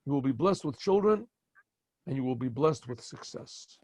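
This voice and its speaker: A man voicing a wise, kindly old holy man who speaks calmly and reassuringly. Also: mid-range voice, moderate pace, natural voice. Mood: calm certainty.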